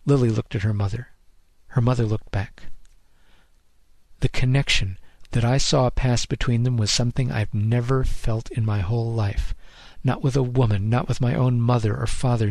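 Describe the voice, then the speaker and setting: A man, the author, reading his own first-person noir story in a measured, deadpan way. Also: mid-range voice, creaky, dry recording.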